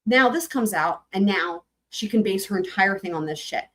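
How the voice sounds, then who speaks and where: Animated, chatty woman livestreamer. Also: mid-range voice, normal speed, poor audio. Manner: chatty, animated, breaks into sung snippets. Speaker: live stream host. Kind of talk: casual commentary on court filings.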